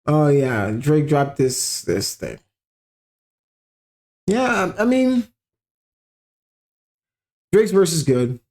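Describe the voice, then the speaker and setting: A man hosting a casual music reaction commentary, rambling with lots of fillers and sudden animated outbursts. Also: a little high, extremely slow, long pauses. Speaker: commentary show host.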